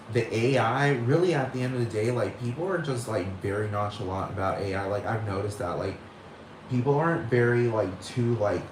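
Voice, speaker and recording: Exasperated, foul-mouthed rambling ranter. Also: mid-range voice. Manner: heavy swearing, rambling and exasperated; repeats phrases, many fillers like "like" and "dude". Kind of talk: casual monologue rant. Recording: echoey room with faint background noise.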